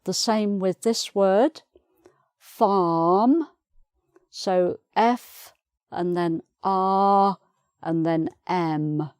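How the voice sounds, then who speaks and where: Slow, patient British woman teaching. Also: lowish voice, fairly even intonation, a little mellow, clean tone, dry recording, clean studio sound. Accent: British English. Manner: patient, repeats example words slowly. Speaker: pronunciation teacher. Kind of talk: pronunciation lesson.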